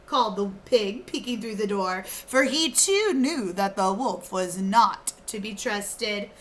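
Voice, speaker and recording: A woman reading a storybook aloud to children like a teacher, expressive, and pausing to ask them questions. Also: mid-range voice, noisy background. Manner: expressive, asking the listeners questions.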